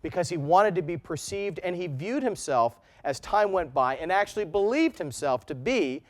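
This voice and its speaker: Earnest man lecturing, slightly high voice. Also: expressive. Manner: earnest lecturing, measured with repeated phrases. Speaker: teacher. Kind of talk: recorded history lesson.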